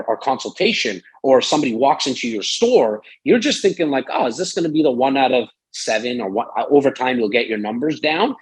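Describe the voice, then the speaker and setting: Husky guy rambling on in a casual interview, lots of likes and you knows, mid-pitched voice. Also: low-quality recording. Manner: rambling, animated, many fillers. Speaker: real estate broker and sales strategist. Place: Toronto, Canada.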